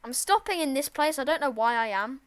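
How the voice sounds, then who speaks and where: A woman giving casual, excitable let's-play commentary with sudden loud outbursts. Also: high-pitched, brisk. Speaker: gaming channel host.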